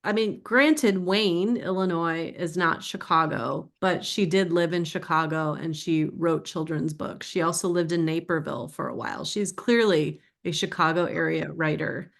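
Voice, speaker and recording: A woman's voice: low-pitched, moderate pace, gravelly, hardly any pauses. A middle-aged woman author giving an informal, chatty talk about her book to an audience, digressive and emotional as she tells stories.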